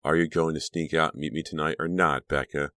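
Wisecracking teen boy, voiced by a man, soft, very deep voice, dry sound. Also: steady tone, fairly quick, no room sound. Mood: joking. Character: teenage boy, joking and easygoing.

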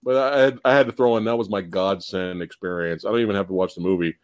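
A man hosting a casual live-stream podcast about movies, animated, laughing often and swearing casually. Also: low voice, fast talker, dry recording. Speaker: podcast host.

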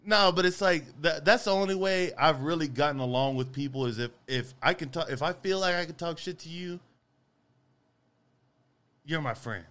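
A man's voice: fairly high pitch, moderate pace, fairly bright tone. A man hosting a casual podcast, rambling in slang and calling people "bro". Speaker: podcast host.

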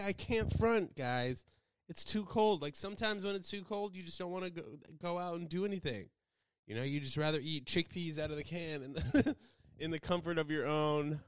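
A young man from the United States rambles casually to his viewers on a livestream. His voice is smooth and clear, and he jumps between loud bursts and low asides. The sound is dry and close, with no room around it. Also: no echo. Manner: animated, swings between loud outbursts and low mumbles.

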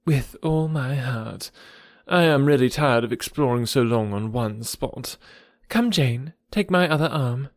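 A man's voice: mid-range voice, a little slow, no room sound, clean studio sound, natural voice. A man playing a haughty, affected lady. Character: self-important gossiping married woman.

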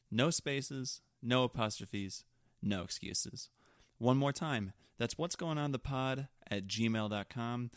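A man reading a podcast's closing lines in a brisk, upbeat voice. The sound is dry and close. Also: mid-range voice, dry recording. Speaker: podcast host reading outro. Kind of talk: podcast outro.

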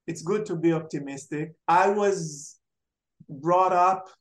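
A memoir author from Israel, telling animated family anecdotes thoughtfully in an interview, with frequent hesitations. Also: mid-range voice, takes it slowly, roomy sound. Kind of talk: reflective storytelling in an interview.

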